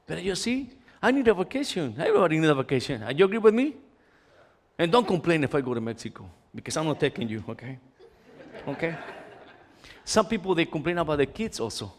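His voice sits on the high side and his delivery is brisk as this Latin American man gives a comic sermon in church. He jokes around with animated energy, acts out complainers, and mixes in Spanish, with the hall's reverb all around him.

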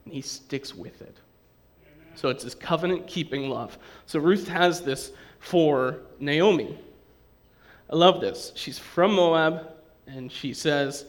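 A man preaching a sermon to a congregation, in a lively, conversational way, acting out the quotes he reads. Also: fairly high pitch, takes it slowly. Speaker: pastor.

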